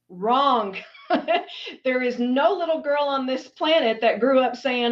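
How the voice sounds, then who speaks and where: A woman's voice: high-pitched, lively intonation, normal speed, highs cut off. A middle-aged woman from Texas, speaking earnestly and emphatically as an interview guest. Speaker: guest, anti-trafficking advocate.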